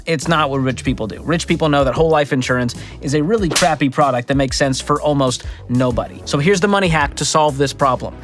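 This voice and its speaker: A man in his thirties hosting a money reaction video, sarcastic and jokey, with big swings in pitch. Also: fast, few pauses, music in the background. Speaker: host.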